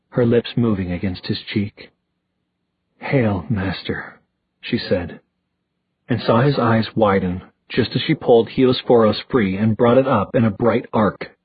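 A man reading a novel aloud as an audiobook narrator, telling the story in an even, unhurried way. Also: lowish voice, slightly rough, no echo, muffled recording. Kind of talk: scripted narration.

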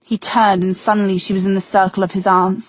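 A woman reads a novel aloud in a soft, intimate way, her voice husky and breathy. The audio is tinny and phone-like, and completely dry. Her pitch sits in a middle range. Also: flat delivery, quick pace, dry recording. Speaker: audiobook narrator. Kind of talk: scripted narration.

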